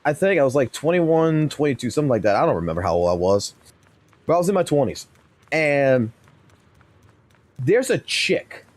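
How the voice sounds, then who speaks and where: A man in his thirties, a live streamer, spins a story in a blunt, heated way with a curse every few words. His voice sits slightly higher than most men's. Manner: heavy swearing, blunt and heated.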